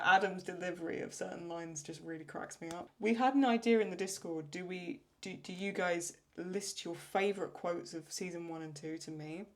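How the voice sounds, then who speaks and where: A woman hosting a casual question-and-answer chat, thinking aloud with restarts and laughing as she retells funny lines. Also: on the low side. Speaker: channel host answering viewer questions.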